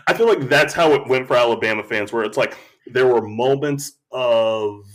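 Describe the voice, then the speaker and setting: A man talking as a podcast guest, telling stories in a slow, reflective way and acting out quotes. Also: medium pitch, a bit bright. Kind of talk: casual conversation.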